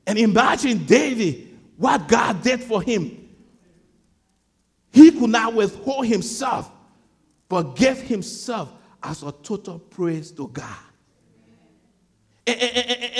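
A man preaching a sermon, swinging between shouted peaks and hushed storytelling, often repeating words as he gathers his thoughts. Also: sits high, animated, unhurried, vocal fry, breathy edge. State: sweating. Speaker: pastor. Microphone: clip-on mic.

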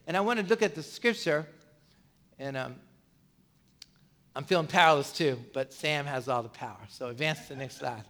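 Man, middle-aged, pastor, earnest sermon, restarts words, bright tone. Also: on the high side, moderate pace, pauses often. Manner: earnest, repetitive preaching with stammered restarts.

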